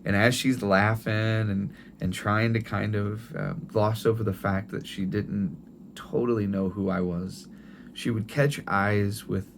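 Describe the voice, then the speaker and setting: Middle-aged male pastor, tender and gentle, restarts phrases, low voice. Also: level tone, measured pace, gravelly, slight background noise. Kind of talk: sermon.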